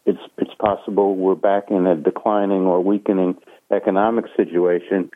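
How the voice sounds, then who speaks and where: A man with a very low voice speaks as a guest analyst over a tinny phone line. He talks in a measured way, stopping often on fillers and restarts. The sound is dry and close, with no room around it. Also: dry recording. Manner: measured, hesitant with many fillers. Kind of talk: phone interview.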